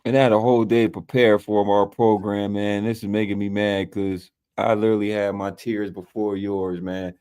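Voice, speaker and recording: A man's voice: fairly low pitch, little pitch movement, normal speed, hardly any pauses, mellow, smooth. A man co-hosting a casual sports picks show, folksy, filling every line with "man" and "y'all". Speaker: co-host.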